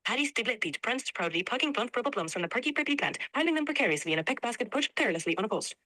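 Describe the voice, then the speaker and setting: A woman's voice: a little high, lively intonation, very fast, pushed and bright. A synthetic woman's voice speaking as an AI assistant in upbeat, playful chat. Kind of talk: chatty assistant replies.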